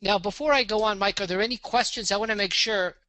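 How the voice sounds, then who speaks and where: Male webinar presenter, upbeat sales pitch, forceful voice, dry close sound. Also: fast talker, no room sound. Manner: upbeat salesy walkthrough, frequent "okay?" check-ins. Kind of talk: live online business pitch with screen demo.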